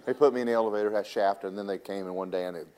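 A man's voice: lowish voice, very fast, darkish tone, smooth. A man preaching a sermon, telling personal stories in a folksy, teasing way and talking straight to the congregation.

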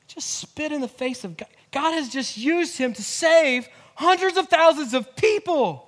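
A male pastor preaching an animated sermon, swinging from loud emphasis to hushed asides. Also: very high voice, unhurried, hardly any pauses.

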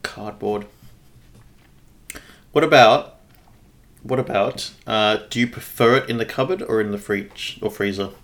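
Male co-host, bright, forceful voice, playful and joking. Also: fairly low pitch, measured pace, long pauses. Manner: joking, animated, slips into silly put-on voices. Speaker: podcast co-host. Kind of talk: casual chat.

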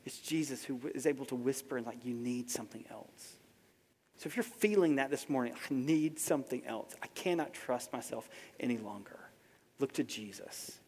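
A man's voice: mid-range voice, moderate pace, husky. Preaching man in a reverberant hall. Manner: conversational preaching, swings from soft to emphatic. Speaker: pastor. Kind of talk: sermon.

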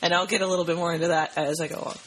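Bright-voiced rambling woman podcaster. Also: fairly low pitch, flat delivery, racing, slight background noise, rough recording. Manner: rambling, enthusiastic, lots of fillers. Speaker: podcast co-host. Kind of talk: casual movie recap chat.

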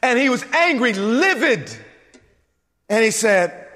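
A man preaching a sermon with a high, lively voice that swings up and down. He talks emphatically, with asides and quick restarts, and his voice rings with the long reverb of a large hall. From suburbs.

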